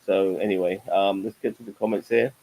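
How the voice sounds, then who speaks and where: A middle-aged man co-hosting a laid-back review show, talking in long, rambling runs peppered with swearing. His voice sits a little low. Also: brisk, vocal fry, low-quality recording. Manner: profane, rambling, animated. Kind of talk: casual chat.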